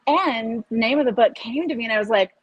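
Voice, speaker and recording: Casting: woman, 50s, higher voice, a bit husky, upbeat and animated, interview guest. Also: fast talker, no echo, highs cut off. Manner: animated, upbeat, laughs often. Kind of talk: casual interview talk. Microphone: video call.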